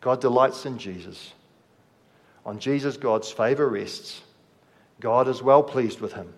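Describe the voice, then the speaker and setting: A man preaching a sermon, slow and measured, letting his voice drop softly at the ends of phrases. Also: mid-range voice. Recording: long hall reverb.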